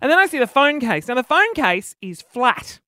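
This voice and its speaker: A woman's voice: sits high, very animated, moderate pace, bright, forceful tone, no echo. An Australian woman tells a funny personal story to her listeners in a chatty, self-mocking way. Her voice has a whingy, whiny edge. The recording is close and dry, with no room sound. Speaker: podcast host telling a story. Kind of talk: comic storytelling monologue.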